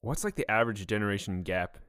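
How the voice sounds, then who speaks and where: A man's voice: fairly low pitch, fast talker, fairly bright tone, clean tone, no echo. A man co-hosting a casual podcast chat, making wry, dry remarks. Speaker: podcast co-host.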